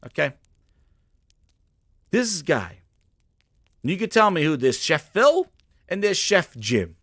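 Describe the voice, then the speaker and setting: Host, man, ranting gaming commentary; bright, forceful, swooping delivery, dry close sound. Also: a little high, sing-song, slow, no echo. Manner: loud, ranting, profane, acts out bits. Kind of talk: animated solo gaming commentary.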